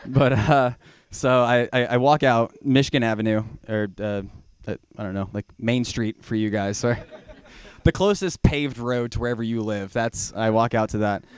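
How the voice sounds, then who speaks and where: A young man tells a stand-up story in a rambling, self-mocking way on a small bar stage, with a handheld mic close to his mouth. His voice is smooth and clear, sits at an ordinary pitch, and sounds dry with very little room echo. Now and then he jumps into loud, high-pitched shouting. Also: steady tone, normal speed, hardly any pauses. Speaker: stand-up comedian. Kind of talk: stand-up comedy set.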